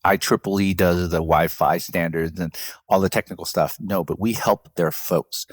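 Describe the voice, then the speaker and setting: A man with a very low, husky voice talks through an interview, telling stories from his career and laughing now and then. The sound is close and dry. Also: moderate pace, dry recording. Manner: storytelling, animated when quoting others, laughs often. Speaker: CEO of a professional association, guest. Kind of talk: conversational interview answers.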